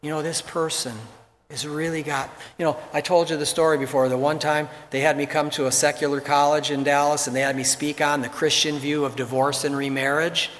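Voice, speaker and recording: A man's voice: fairly high pitch, level tone, fairly quick, few pauses, a bit bright, a little hiss or hum. Man preaching in a reverberant hall. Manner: earnest, conversational preaching with repeated words. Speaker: pastor. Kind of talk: sermon. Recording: long reverb from a large hall.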